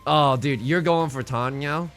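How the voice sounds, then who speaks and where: A man's voice: on the high side, unhurried, a bit bright, soft background music. A young man hosting a let's play, giving casual, jokey commentary on his game and talking to the opponents on screen.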